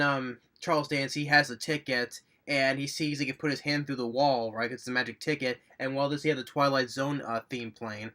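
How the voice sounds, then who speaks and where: A man's voice: medium pitch, bright, forceful tone. A man giving a casual, rambling movie review, recapping scenes with enthusiasm and little chuckles.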